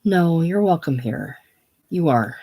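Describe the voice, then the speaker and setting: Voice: mid-range voice, animated, takes it slowly, warm tone, slightly rough, exaggerated voice. A reader voicing David, a plain-spoken young garage owner of about twenty-one, friendly but a bit tense. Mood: reassuring. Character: young small-town garage man, about 21.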